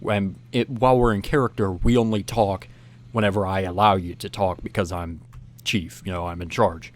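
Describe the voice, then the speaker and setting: A man's voice: low-pitched, normal speed. Rambling man telling a story. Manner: rambling, frequent restarts and "you know"; animated, acts out whispered quotes. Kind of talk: casual spoken storytelling.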